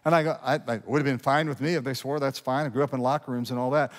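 A middle-aged man preaching to a church congregation, with a voice of ordinary male pitch. He talks conversationally, stumbles and restarts his sentences, and slows down when reading scripture. The sound carries a long reverb from a large hall. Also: fairly even intonation. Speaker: pastor. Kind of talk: sermon. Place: church sanctuary.

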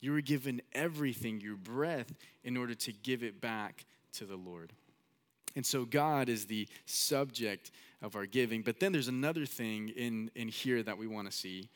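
A man's voice: mid-range voice, fairly bright tone. A man preaching a sermon in a casual, storytelling manner, often repeating his phrases.

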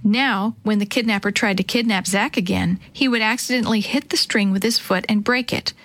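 A woman reading a children's chapter book aloud, telling the story gently and lightly voicing the characters. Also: mid-range voice, fairly quick, no echo. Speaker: storybook reader.

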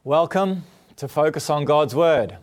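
A man's voice: a little high, expressive, unhurried. A man with an Australian accent preaching a sermon in a television studio with an audience, earnest and welcoming, repeating key phrases. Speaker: pastor.

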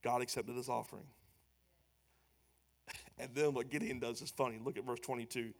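A man's voice: mid-range voice, moderate pace. A man preaching a sermon as pastor, emphatic and conversational. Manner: animated, loud and emphatic, then quieter and conversational.

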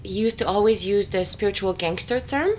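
A woman in a casual, expressive chat, full of fillers and quick laughter. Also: medium pitch, slight background noise. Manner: chatty and expressive, many fillers, frequent laughter.

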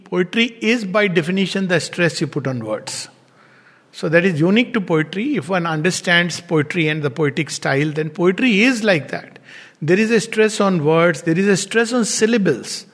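A man giving a calm, unhurried spiritual lecture, with soft chuckles. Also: high-pitched, big-room sound. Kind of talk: reflective spiritual talk.

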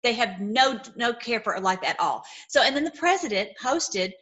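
Woman, casual online commentator, slightly high voice, rambling and animated delivery with lots of restarts. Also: moderate pace.

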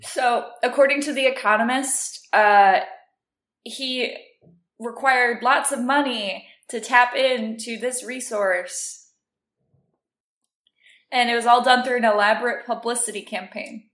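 A woman's voice: a little high, steady tone, a little slow, fairly bright tone. Woman podcaster in an echoey room. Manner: explaining history facts in a chatty way. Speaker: podcast co-host. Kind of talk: casual chat. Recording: roomy echo.

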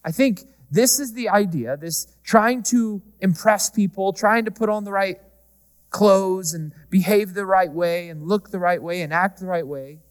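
A man preaching a sermon, talking to the congregation in a conversational, humorous way and shifting often between loud and soft. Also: high-pitched, a little slow, clear, resonant tone. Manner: conversational preaching with humor, varying pace and volume. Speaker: pastor. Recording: reverberant hall.

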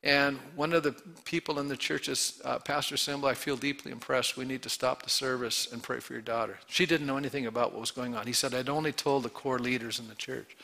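Gravelly, bright-toned preacher man. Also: medium pitch, steady tone, quick pace, hardly any pauses. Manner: rises to loud emphatic calls and drops to hushed storytelling; asks the congregation questions. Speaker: pastor. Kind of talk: sermon.

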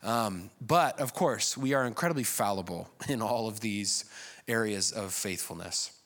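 A man, a pastor, preaching a conversational sermon with self-deprecating, animated asides. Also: on the low side, a little slow.

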